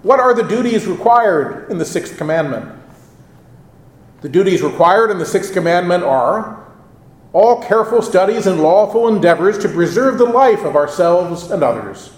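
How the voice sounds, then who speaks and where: A male pastor delivering a sermon, measured and expressive, drawing out the quoted lines for emphasis. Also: high-pitched. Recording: roomy echo.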